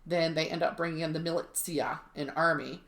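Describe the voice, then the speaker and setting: A woman's voice: sits low, steady tone, fairly quick, fairly bright tone, roomy sound. A woman co-hosting a podcast, telling a true mystery story in a chatty way with wry asides. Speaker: podcast co-host.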